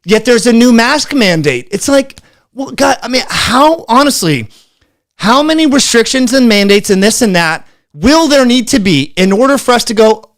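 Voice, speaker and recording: Gravelly, exasperated male health host. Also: extremely high pitch, animated, dry recording. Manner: exasperated, halting, trailing off. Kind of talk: frustrated video rant.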